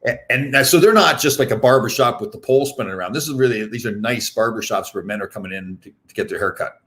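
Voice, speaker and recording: A man's voice: mid-range voice, fast, a bit bright. A man in his fifties hosting a casual interview, rambling with lots of fillers and restarts. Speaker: podcast host.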